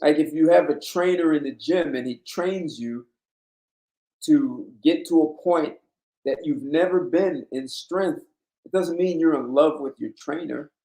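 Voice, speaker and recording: A man's voice: a little high, a little slow, gravelly, warm tone. A man hosting a blunt, emphatic monologue in a casual, lecturing way. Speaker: host. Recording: roomy echo.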